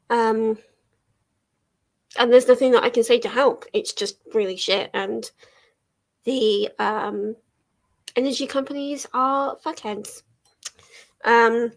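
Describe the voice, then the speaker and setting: A woman's voice: on the high side, fairly even intonation, slow, pauses often. A young woman chatting casually on a livestream from her living room, laughing often and swearing lightly as she answers viewers. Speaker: livestream host. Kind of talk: casual chat while reading chat aloud.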